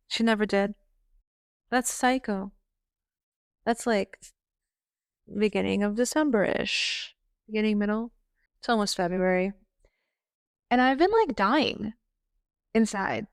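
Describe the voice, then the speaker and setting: Young woman ranting about her family on her podcast, swears a lot, smooth clear voice, dry close sound. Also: mid-range voice, measured pace, long pauses, no room sound. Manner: raw, exasperated venting with frequent swearing. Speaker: podcast host. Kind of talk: personal monologue.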